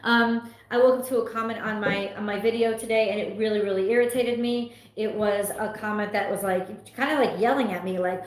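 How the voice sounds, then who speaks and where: A woman's voice: medium pitch, fairly even intonation, a little fast, few pauses. A young woman, a tarot reader, talking casually from home on a livestream and venting her frustration with some swearing. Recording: echoey room.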